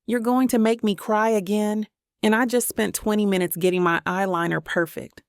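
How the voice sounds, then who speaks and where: A soft, affectionate young woman friend, fiercely protective, read by a woman narrator. The voice has a gravelly edge and stays on a flat, even line. It sounds dry and close, with no room around it. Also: mid-range voice, normal speed, no room sound, lightly acted. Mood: tender.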